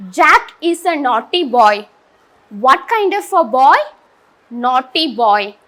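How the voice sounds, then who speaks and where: A female teacher from India giving a grammar lesson, asking and answering her own questions in a slow, deliberate way. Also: high voice, lively intonation, a bit bright.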